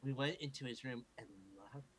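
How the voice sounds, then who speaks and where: A man's voice: medium pitch, moderate pace, poor audio. Man reading aloud with mock drama. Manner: mock-dramatic, breaks off to joke and swear. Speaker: group reader. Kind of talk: comic reading aloud of fan fiction. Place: home recording for a livestream.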